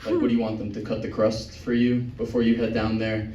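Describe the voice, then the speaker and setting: A young man performing a stand-up set in a comedy club, with a deadpan, meandering delivery. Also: on the low side, fairly quick, lo-fi sound, a little hiss or hum. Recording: echoey club from far off.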